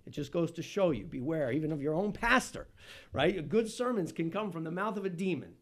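A man preaching a sermon as pastor, asking the congregation questions and swinging from loud exclamations to hushed asides. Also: on the high side, expressive, a little fast.

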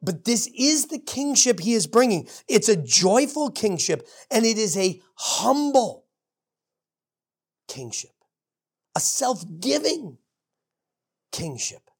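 A woman's voice: fairly high pitch, big pitch swings, slow, pauses often, breathy edge. A woman pastor giving a conversational sermon, full of asides, restarts and "you know"s. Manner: informal, with frequent asides and restarts.

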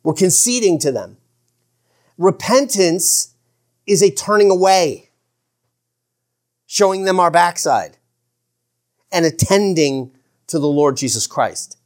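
A man preaching a sermon as pastor, earnest, slowing for emphasis and stumbling over restarts. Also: high voice, expressive. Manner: shifts from slow emphatic phrases to quick asides.

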